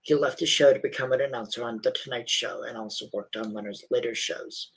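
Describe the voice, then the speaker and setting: A man co-hosting a live-stream chat, reading aloud in a flat, unimpressed deadpan. His voice is gravelly and husky, with plenty of fry. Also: mid-range voice, fairly quick, rough recording. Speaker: co-host.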